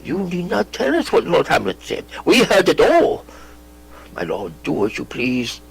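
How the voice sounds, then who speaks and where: A man reading a classic play aloud, voicing a fussy, scheming older royal counselor with measured, deferential delivery. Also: a little high, wildly swooping pitch, vocal fry, husky, full character voice, poor audio. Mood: advising. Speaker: audiobook reader.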